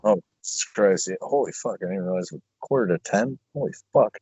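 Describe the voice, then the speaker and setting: A man's voice: low voice, lively intonation, fairly quick, mellow, slightly rough, dry recording, dull audio. A man co-hosting a podcast, chatting casually with blunt, profane reactions. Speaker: podcast co-host. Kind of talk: casual chat.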